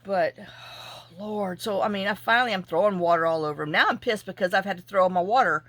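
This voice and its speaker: A woman hosting a crafting vlog, chatting casually and telling a rambling, animated story with asides while she works. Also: medium pitch, fairly quick, no room sound. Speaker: junk journaling channel host.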